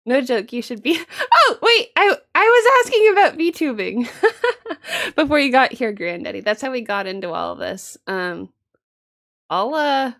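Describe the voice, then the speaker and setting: A woman's voice: high-pitched, sing-song, measured pace, fairly bright tone. A woman streaming a game with casual chat, playful, giggly and self-mocking.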